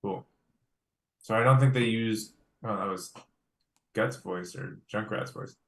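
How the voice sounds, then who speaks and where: A man's voice: lowish voice, measured pace, vocal fry. A man playing a tabletop game, easygoing and joking. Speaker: player. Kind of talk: casual tabletop play. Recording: roomy echo.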